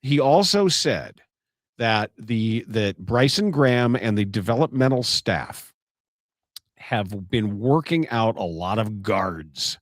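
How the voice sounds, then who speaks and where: A man co-hosting a casual sports podcast, reacting quickly and reading out news reports. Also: fairly low pitch, expressive, dry recording, clean studio sound. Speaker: podcast co-host.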